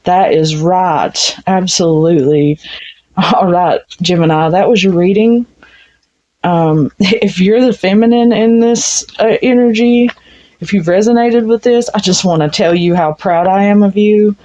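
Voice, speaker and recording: A woman's voice: mid-range voice, a little slow, mellow. A woman giving a casual tarot reading, blunt and frank, swearing freely. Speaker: tarot reader. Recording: dull lo-fi sound.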